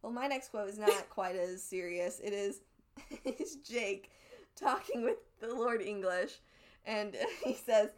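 A woman's voice: medium pitch, slow pace. A woman co-hosting a podcast, chatting casually, giggling often and swearing freely. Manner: giggly, reads quotes aloud, swears casually. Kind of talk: casual chat.

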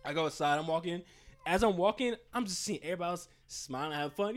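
Talking fast in a fairly high voice, a young man acts out a casual story with sound effects and character voices, animated throughout and cursing and using slang freely.

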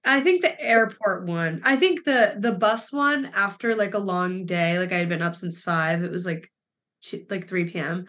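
A young woman co-hosting a podcast, telling a story in casual chat with an animated, laughing, swearing delivery. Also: on the low side, moderate pace. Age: young adult. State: emotional. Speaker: podcast co-host.

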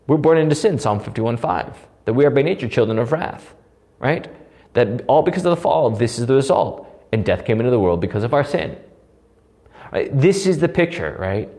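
A man teaching catechism as a pastor, preaching with passion, at times rising almost to a yell and then dropping quietly, recorded live on his own with no audience present. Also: mid-range voice, animated, normal speed. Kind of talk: recorded live Bible study sermon.

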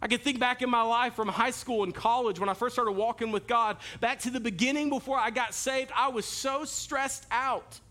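Animated preacher man with a high bright voice. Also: moderate pace, few pauses. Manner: animated, storytelling, direct to the congregation. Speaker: pastor. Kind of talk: sermon.

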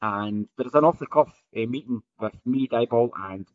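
A podcast host with a medium-pitched voice speaks at normal speed, riffing solo off the cuff. He rambles, restarts often, and tags lines with "right?", with dull audio.

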